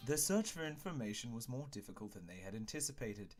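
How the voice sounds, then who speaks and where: A man hosting a game playthrough, reading the story aloud and chatting casually, playful and excitable. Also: medium pitch, quick pace, faint music behind. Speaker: let's play host and reader.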